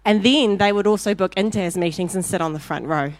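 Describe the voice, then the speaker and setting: A woman preaching a sermon, telling a story with lively acted-out voices before turning to direct exhortation. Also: medium pitch, fast talker, no room sound. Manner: animated storyteller, acting out voices in anecdotes.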